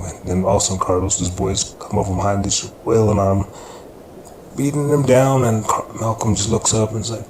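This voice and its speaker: Low-voiced man telling a rambling story. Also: steady tone, fairly quick. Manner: loose, rambling, with fillers. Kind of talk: casual story narration. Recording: echoey room with background noise.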